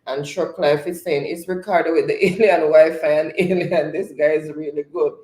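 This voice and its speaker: A man hosting a live stream, reading viewers' chat comments aloud in a relaxed way and often laughing. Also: a little high, normal speed. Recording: echoey room.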